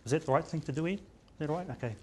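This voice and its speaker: A man's voice: a little high, rapid-fire, warm tone, breathy edge. A middle-aged man with a New Zealand accent, a general practitioner giving an informal seminar talk, chatty and full of stammers and restarts, dropping in Māori words. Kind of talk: informal conference presentation.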